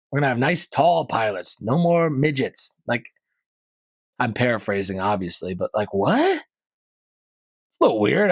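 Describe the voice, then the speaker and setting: A podcast host with a lowish voice does casual solo commentary, working through the week's news in a loose, rambling way. He uses plenty of fillers and asides, and the recording has no room sound.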